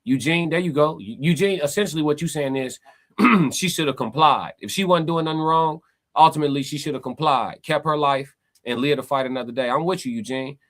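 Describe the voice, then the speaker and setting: Reading out live chat on his casual stream, this man fires back at comments with animated, slang-heavy emphasis. He speaks briskly in a voice on the high side.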